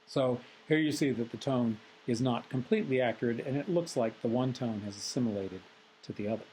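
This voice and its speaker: Measured, analytical male lecturer. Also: medium pitch, dark tone, a little hiss or hum, rough recording. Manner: measured and analytical, with frequent filler sounds. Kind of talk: recorded phonetics lecture.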